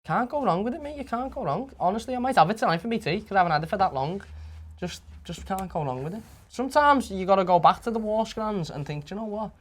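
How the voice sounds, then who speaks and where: A man's voice: high voice, expressive. A young man, co-hosting a casual podcast and trading banter. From Liverpool area, England. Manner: banter, quick reactions, laughs along. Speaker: podcast co-host. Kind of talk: casual chat.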